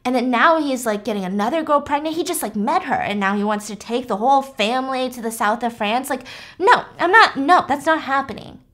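A woman's voice: high voice, fairly quick, fairly bright tone. A woman voicing a frazzled, defensive single mother who talks in exasperated, emphatic bursts. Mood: venting.

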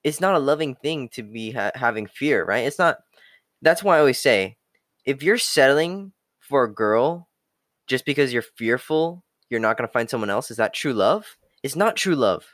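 A man's voice: mid-range voice, animated, normal speed, fairly bright tone, no room sound, clean studio sound. A young man giving a blunt, profane motivational rant, repeating catchphrases like okay and the hard truth. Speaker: self-improvement talker.

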